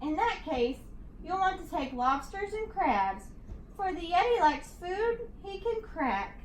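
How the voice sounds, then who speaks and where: A woman's voice: very high-pitched, big pitch swings, takes it slowly, a little hiss or hum, pitched above the performer's own voice, heavily acted. A woman voicing a cranky, howling female monster who scolds in exasperation. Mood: exasperated. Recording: echoey room, distant mic.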